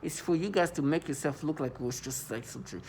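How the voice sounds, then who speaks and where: A man's voice: on the high side, brisk, a little mellow, a little hiss or hum. A man talking to the camera in an agitated monologue, often stammering and repeating words. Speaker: vlogger.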